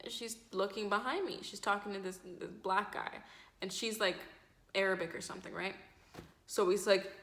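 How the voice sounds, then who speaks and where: Twenties woman vlogger, storytime rambler, bright and swears a lot. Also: medium pitch, steady tone, moderate pace. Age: 20s. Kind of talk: casual storytime. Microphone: camera mic.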